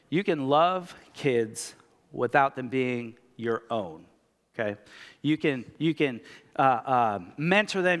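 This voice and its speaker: A man preaching a sermon in a relaxed, chatty way, leaning on filler words as he tells his stories. His voice sits a little high for a man. The sound hangs in the long reverb of a church auditorium. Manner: casual, animated storytelling with many fillers. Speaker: pastor.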